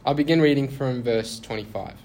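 A man's voice: medium pitch, fairly quick, darkish tone, slight background noise. A young man telling a personal story in a casual sermon, chatty and self-deprecating. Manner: chatty, self-deprecating, laughs through awkward moments.

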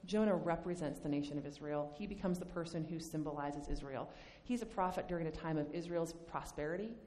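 A woman teaching a Bible study lesson in a conversational, animated way, acting out the lines she quotes. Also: lowish voice. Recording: long hall reverb.

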